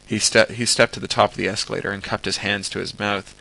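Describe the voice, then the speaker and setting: A man reading a story aloud as an amateur audiobook, steady with occasional stumbles. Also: lowish voice, quick pace, creaky, dry recording, poor audio. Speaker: narrator.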